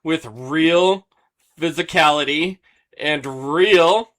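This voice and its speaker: A man co-hosting a casual podcast chat, making dry, measured remarks. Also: on the high side, a bit bright.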